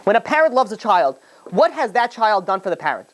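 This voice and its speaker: A man, a rabbi, giving a conversational lecture to a live group, animated and jokey, with many fillers and restarts. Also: high-pitched, brisk. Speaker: rabbi teaching a class.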